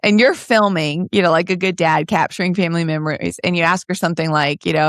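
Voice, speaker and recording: A woman's voice: on the low side, normal speed, no echo, studio quality. A middle-aged woman co-hosting a podcast in casual chat, telling stories and laughing often. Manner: chatty, laughing, animated storytelling. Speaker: podcast co-host.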